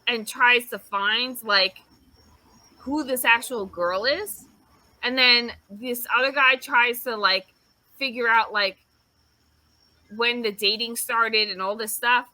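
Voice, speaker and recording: A woman co-hosting a casual podcast retells a story as an animated storyteller, swearing freely and acting out quotes. Her voice is fairly high and her pace slow; there is no echo, but the audio quality is poor.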